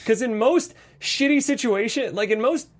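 A man in his thirties co-hosting a casual movie review podcast, animated and acting out quotes in silly voices. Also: extremely high pitch, moderate pace. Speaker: podcast co-host.

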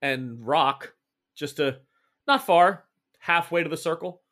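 A man running a tabletop horror game as game master, narrating slowly and deliberately. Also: a little high, fairly bright tone. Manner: slow, deliberate descriptive narration.

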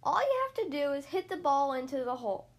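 A woman reading aloud, voicing an excitable young girl who squeals with delight. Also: high voice, brisk. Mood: excited.

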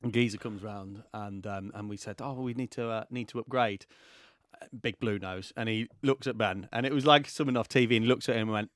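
A man, co-hosting a podcast and telling lively anecdotes. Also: lowish voice, a little fast, no echo, clean studio sound. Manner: animated anecdote teller. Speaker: podcast co-host. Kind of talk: casual podcast chat, storytelling.

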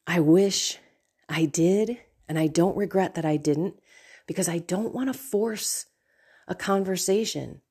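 Low-voiced woman chatting about faith. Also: mellow. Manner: chatty, laughs often, acts out quoted voices. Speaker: podcast host. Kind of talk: casual faith reflection.

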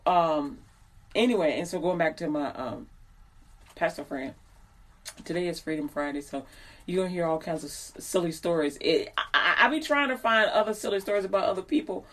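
A woman's voice: lowish voice, brisk. A woman in her forties telling a personal story in a casual, rambling way, acting out the people she quotes. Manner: chatty, digressive, acts out quoted people. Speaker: host.

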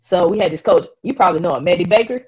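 A woman, a rugby player telling stories in a casual interview, animated and laughing often. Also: on the low side, very fast, husky. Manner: animated, laughing, slangy storyteller. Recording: dull lo-fi audio.

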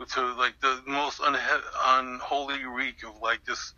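A man's voice: mid-range voice, little pitch movement, unhurried, bright, forceful tone, no echo, lo-fi sound. An older man being interviewed, telling a long story in a rambling way with many restarts and fillers. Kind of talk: recounting an anecdote in an interview.

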